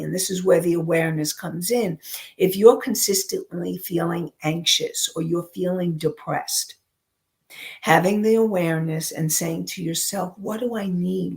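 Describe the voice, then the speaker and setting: A woman coach giving a teaching talk, speaking slowly and deliberately, pausing often and using personal examples. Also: on the low side, creaky, a little mellow. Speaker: emotional intelligence coach.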